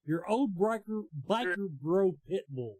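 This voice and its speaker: Guy hosting, jokey and teasing, bit high voice, dry sound. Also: lively intonation, measured pace, darkish tone, no echo. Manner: joking, teasing, laughs often. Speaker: host. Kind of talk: casual chat.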